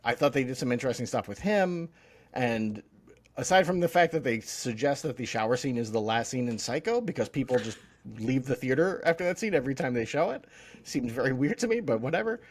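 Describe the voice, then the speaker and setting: A man's voice: mid-range voice, animated, fairly quick. A man co-hosting a podcast, chatting casually about TV in a rambling, jokey way full of restarts. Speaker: podcast co-host.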